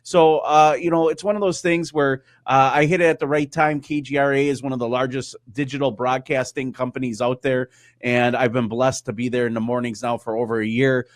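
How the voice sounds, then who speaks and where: A man's voice: mid-range voice, flat delivery, a little fast, dry recording. Guy rambling thru a story on a call w headphones, bone dry sound. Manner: rambling anecdotes with acted quotes. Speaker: guest, radio news host. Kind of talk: casual chat. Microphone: wearing headphones on a call.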